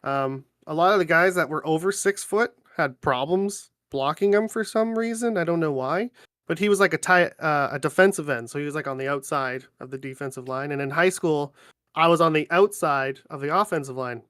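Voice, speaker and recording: A man, a livestream guest chatting in a relaxed, rambling way with many fillers. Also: on the high side, brisk, clean tone, dry recording, clean studio sound. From Ontario, Canada. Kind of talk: casual chat on a livestream.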